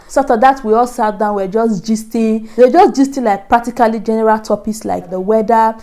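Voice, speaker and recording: A woman's voice: fairly high pitch, a little fast, few pauses, warm tone. A young Nigerian woman telling a personal story in a casual vlog, chatty and laughing often, with many fillers. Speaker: vlogger.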